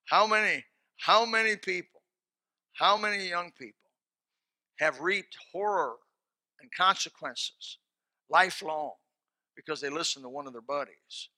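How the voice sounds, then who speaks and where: A man preaching a sermon in a folksy, colloquial way, breaking into sudden shouts. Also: on the high side, measured pace, long pauses, no room sound. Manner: folksy and animated, bursting into shouts; plain colloquial speech. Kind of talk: sermon with closing prayer.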